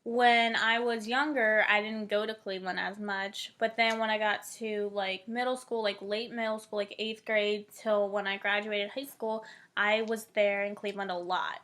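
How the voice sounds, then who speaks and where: Speaking at a normal speed with little pitch movement, a woman in her twenties explains a theory casually. She's a college student from Northeast Ohio whose medium-pitched, slightly bright voice is full of "like" and "um." Her manner is chatty.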